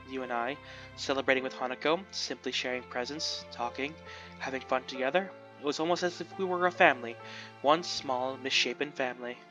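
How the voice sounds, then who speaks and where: A man reading the lines of a gentle, tearful young woman from a visual novel in a soft, quiet, halting voice. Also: medium pitch, close to an everyday voice.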